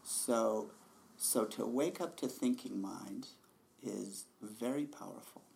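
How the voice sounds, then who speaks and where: A man giving a relaxed, conversational dharma talk as a meditation teacher, often laughing softly. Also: fairly low pitch, slow, gravelly, a little hiss or hum.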